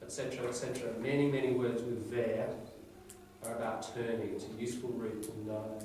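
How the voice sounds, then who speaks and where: A man's voice: mid-range voice, level tone, a little fast, a little mellow. A man teaches English vocabulary to a class, explaining one word after another and checking in with tag questions. He is heard from across a very reverberant classroom, with faint room noise underneath. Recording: very echoey classroom from far off.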